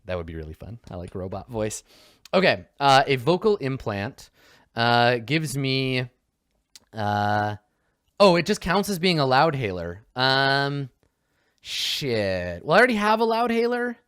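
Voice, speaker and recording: Young male player, casual and rambling, expressive delivery, dry recording. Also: mid-range voice, a little slow, clean tone, dry recording. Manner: rambling, swearing, muttering to himself. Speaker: player in a tabletop game show. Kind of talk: casual chat while building a character.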